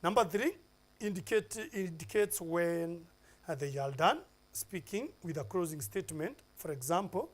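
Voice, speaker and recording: A Kenyan man teaches an oral English lesson for television. His voice sits a little high, and he walks through numbered points with emphatic stress and frequent "uh"s. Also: sing-song, a little slow. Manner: emphatic, lists points one by one with fillers.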